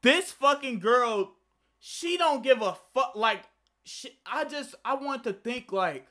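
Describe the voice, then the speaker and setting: Young guy, high and bright, rambling storytime with plenty of swearing. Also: lively intonation, slow. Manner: rambling and profane, with frequent restarts. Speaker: vlogger. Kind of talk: casual storytime.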